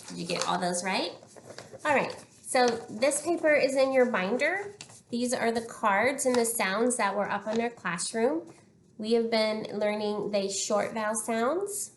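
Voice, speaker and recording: A woman teacher leading a phonics lesson, prompting slowly and clearly with patient, drawn-out words. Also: fairly high pitch, lively intonation, a little hiss or hum. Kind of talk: slow, deliberate phonics lesson. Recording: echoey room.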